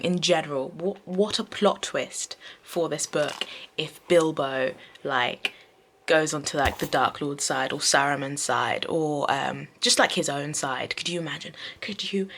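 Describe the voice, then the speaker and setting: A young woman chatting casually in a reading vlog, rambling with many fillers and quick asides. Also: low voice, a bit bright, slight background noise. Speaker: book vlogger. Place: bedroom at night.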